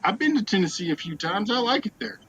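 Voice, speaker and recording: A man's voice: sits high, big pitch swings, quick pace, a bit bright, a little hiss or hum. A man from Texas hosting a casual stream, reading out viewer comments and teasing his guests. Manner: reads chat comments aloud, teasing. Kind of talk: casual chat. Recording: dull lo-fi audio.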